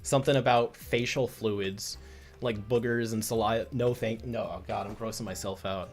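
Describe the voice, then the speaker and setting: A man's voice: fairly low pitch, steady tone, normal speed, faint music behind. A man hosting a casual livestream as a comic creator, chatty and rambling, full of restarts.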